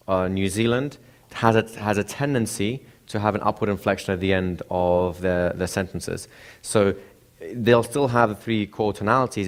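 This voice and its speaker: A man teaching a class, who keeps asking the room questions and acts out examples of speech intonation. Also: lowish voice. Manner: asks the room frequent rhetorical questions. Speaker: instructor. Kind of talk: classroom lecture.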